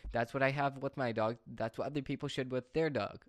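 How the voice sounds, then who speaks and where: A man's voice: medium pitch, steady tone, a little fast, no room sound. A teenage boy talking casually to his viewers in a rambling, repetitive, exasperated rant. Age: teens. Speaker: vlogger. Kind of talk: casual monologue to camera.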